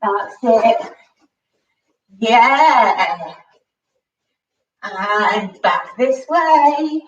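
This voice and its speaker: A woman's voice: on the high side, roomy sound, far from the mic, highs cut off. A woman coaching a children's home workout, cheerful and encouraging and a bit out of breath from exercising. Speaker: kids' gymnastics coach.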